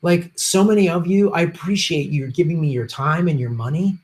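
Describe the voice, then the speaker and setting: A man's voice: a little high, brisk. Profane, fired-up male political ranter. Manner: profane, fired-up ranting, swings from muttering to shouting. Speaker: political commentary host. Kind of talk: livestream rant reading viewer donations.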